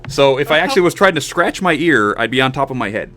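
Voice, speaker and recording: Animated storytelling man in his forties. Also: mid-range voice, fast talker. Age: 40s. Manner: animated storyteller who acts out quoted voices. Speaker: show host. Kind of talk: casual storytelling on a podcast.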